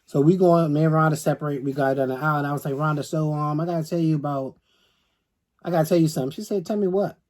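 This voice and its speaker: A middle-aged man co-hosting a storytime chat, telling stories with animated energy and acting out the voices of others. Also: fairly high pitch, very fast. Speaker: co-host.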